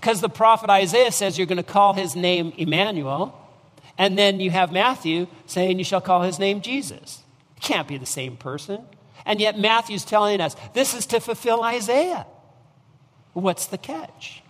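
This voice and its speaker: A man preaching a sermon, speaking deliberately with repeated restarts and rising emphasis on key phrases. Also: sits high, expressive, a bit bright, big-room sound. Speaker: pastor.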